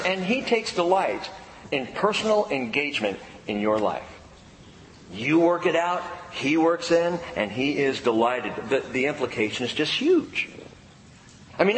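A man preaching a sermon to a congregation, lively, stretching out key words for emphasis. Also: mid-range voice, a little hiss or hum. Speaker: pastor. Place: church sanctuary. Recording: long hall reverb, faint ambience.

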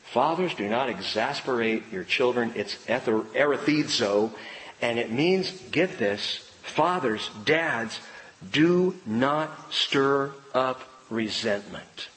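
A middle-aged male pastor preaching a sermon with animated delivery, acting out the voices of children and parents. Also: mid-range voice, takes it slowly. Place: church sanctuary. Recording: long reverb in a large hall, faint background ambience.

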